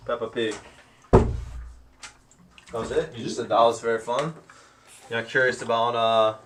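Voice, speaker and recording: Dad coaching a young player. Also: male voice, mid-range voice, fairly even intonation, moderate pace, a little hiss or hum. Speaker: player, father. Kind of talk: casual chat while gaming.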